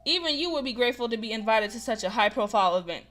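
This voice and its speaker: A woman's voice: a little high, animated, very fast, fairly bright tone, soft background music. A woman voicing a smug, arrogant young male aristocrat, reading a visual novel aloud in a condescending tone.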